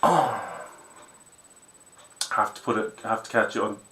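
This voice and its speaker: A man hosts a casual stream, tossing out quick, amused asides. His voice is bright and forward. The room around him rings with echo. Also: lowish voice. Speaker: livestream host.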